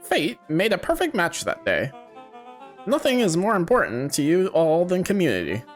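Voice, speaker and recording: A man's voice: sits high, huge pitch swings, normal speed, soft background music, pitched above the performer's own voice. A man voicing a folksy showboating speechmaker. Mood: grandiose. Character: showy small-town businessman giving a festival speech.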